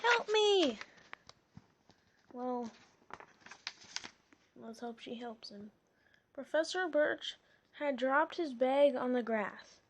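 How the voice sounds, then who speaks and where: A woman reads a children's storybook aloud at an unhurried pace, her voice high. She keeps stopping for chatty, amused asides. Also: a little hiss or hum. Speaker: reader.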